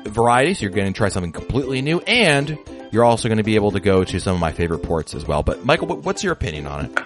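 A man hosting a casual podcast, chatty and lively, with frequent restarts. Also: lowish voice, racing, faint music behind. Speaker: podcast host.

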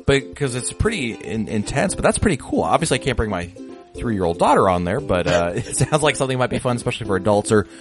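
Lively fast-talking male podcast host. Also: medium pitch, music in the background. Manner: lively, chatty, many restarts. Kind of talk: casual podcast chat.

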